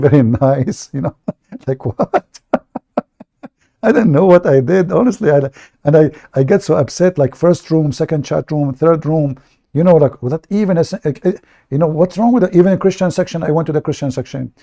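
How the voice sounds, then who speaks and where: Speaking English with an Arabic accent, a Middle Eastern online debate show host delivers a casual livestream monologue at a moderate pace. His low, gravelly voice is dark and mellow; he's blunt, jokes at his own expense, and often stumbles and repeats words.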